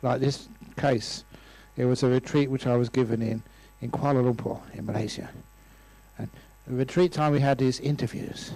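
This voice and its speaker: A man's voice: mid-range voice, steady tone, normal speed, mellow, dry recording, poor audio. A man in his sixties, a Buddhist monk, giving a humorous dharma talk and telling stories with playful voices. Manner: storytelling with playful voices and laughs. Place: lecture room.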